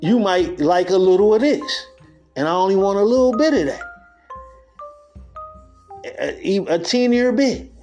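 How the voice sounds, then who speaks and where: A man's voice: high voice, animated, measured pace, long pauses, a little mellow, faint music behind. A podcast host, a man, giving a loose spiritual monologue in a street-talking way, laughing often and acting out what people said.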